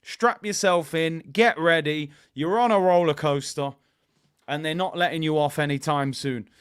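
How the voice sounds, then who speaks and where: A man, hosting a football fan channel and ranting in a casual, animated storytelling way full of everyday analogies. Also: fairly high pitch, normal speed, smooth.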